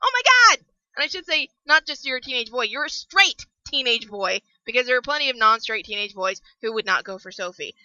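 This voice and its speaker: Young woman ranting about a book, high sharp voice, keeps yelling, dry slightly muffled home mic. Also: fairly quick, hardly any pauses, no echo. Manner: animated, ranting, bursts into yelling. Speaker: book reviewer.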